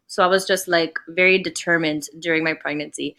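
A young woman, a podcast guest, telling a personal story in casual chat, blunt and animated, full of "like" and acted-out quotes. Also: low voice, brisk, hardly any pauses. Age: young adult. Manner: blunt, animated storytelling, fillers of 'like', acts out quoted voices.

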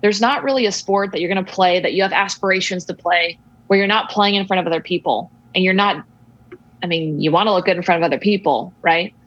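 A woman guest speaks in a measured, thoughtful way as she explains her views at an unhurried pace. Her voice sits fairly low, and it comes through as dull, lo-fi remote call audio. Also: a bit bright, no room sound. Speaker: guest expert on youth sports and parenting. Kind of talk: interview answers.

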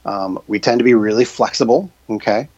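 A man's voice: on the low side, brisk, a little mellow, dry recording. A man talking as a guest in an interview, explaining his ideas with many fillers and acting out quoted reactions. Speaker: guest, purpose coach. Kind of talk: conversational interview. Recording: dull dry lo-fi sound.

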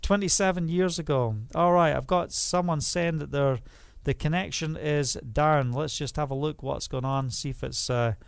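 Fairly high-voiced middle-aged preacher, dry sound. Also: male voice, moderate pace, creaky, smooth, no echo. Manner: conversational preaching, peppered with "you know" and "hallelujah". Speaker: minister. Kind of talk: livestreamed sermon.

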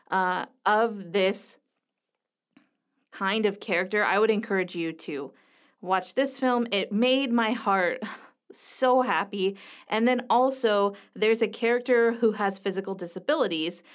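A woman in her thirties, a mother, gives a casual movie review. She talks in a chatty, enthusiastic way, dotted with ums and uhs. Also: medium pitch. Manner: chatty, enthusiastic, with frequent fillers.

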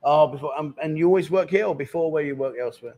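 A man's voice: a little high, quick pace, lo-fi sound. A man in his fifties hosting a live chat show, joking and teasing guests and viewers in casual banter. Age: 50s.

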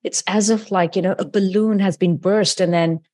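A woman's voice: mid-range voice, fairly even intonation, moderate pace, darkish tone. A woman hosting a podcast interview, reflective and enthusiastic, with frequent casual fillers. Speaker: podcast host.

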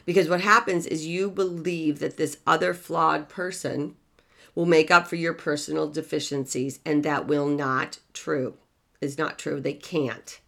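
Woman, relationship coach, lowish voice, emphatic, repeats herself, soft then loud, advice monologue. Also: fairly even intonation, a little slow, vocal fry.

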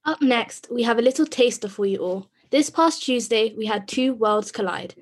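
A woman's voice: fairly high pitch, normal speed, a little hiss or hum. A British woman presenting a podcast, reading a scripted segment intro in an upbeat way. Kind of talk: scripted announcement.

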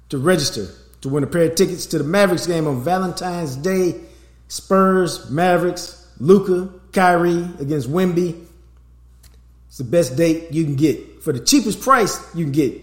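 A middle-aged man hosting a sports podcast, talking in a loose, streetwise way and slipping in promo plugs. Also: on the high side. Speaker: podcast host. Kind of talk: casual sports podcast chat. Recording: roomy echo.

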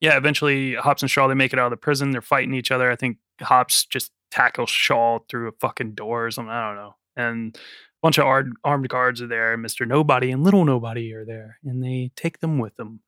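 A man's voice: medium pitch, fairly even intonation, a little fast, bright, forceful tone, no echo, studio quality. A man casually recapping a movie plot as a podcast co-host, swearing freely and laughing often. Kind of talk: casual film recap chat.

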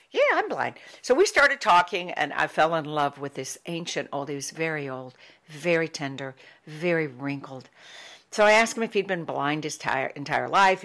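Low-voiced woman telling inspiring stories. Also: a bit bright. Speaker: motivational speaker. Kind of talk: inspirational storytelling talk.

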